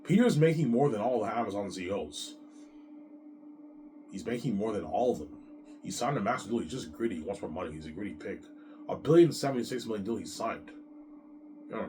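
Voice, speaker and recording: A low-pitched man talks on his own in a long, rambling monologue. He boasts and repeats himself, and his voice rises and falls a lot. A cough breaks in now and then. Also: animated, fairly quick, pauses often, mellow, slight background noise. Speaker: show host.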